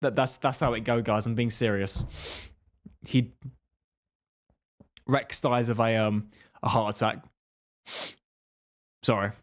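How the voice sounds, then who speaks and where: A man's voice: medium pitch, steady tone, slow pace, pauses often. A man chatting casually on a live stream while drawing, rambling through restarts and filler words. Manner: rambling, lots of fillers and restarts, laughs easily.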